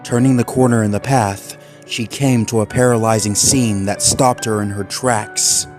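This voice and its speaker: A man reading a horror fan story aloud in a measured, ominous way. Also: on the low side, fairly even intonation, a little mellow. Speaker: narrator. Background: faint background music.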